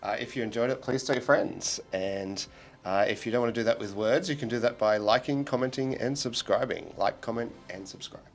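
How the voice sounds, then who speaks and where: A man co-hosting a casual podcast, teasing his guests and thanking them warmly. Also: mid-range voice, fairly quick. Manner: jokey, teasing interviewer. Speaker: podcast co-host. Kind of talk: casual chat.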